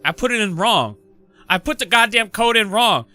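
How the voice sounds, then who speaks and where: Excitable, cursing man with a bright voice. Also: high-pitched, normal speed, soft background music. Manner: profane, rambling, excitable, many restarts. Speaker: gaming streamer. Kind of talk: casual storytelling.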